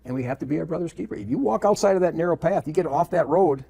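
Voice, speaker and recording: A man's voice: fairly high pitch, very fast, vocal fry, warm tone. A man preaching emphatically, firing off rhetorical questions and repeating his points. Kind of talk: preaching lecture with read-aloud quotations.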